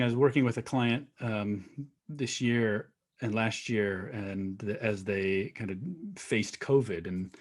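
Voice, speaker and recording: A man hosting a podcast interview, talking conversationally and recapping points with tag questions. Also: medium pitch. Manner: conversational, recaps points, frequent fillers and "right?". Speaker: podcast host.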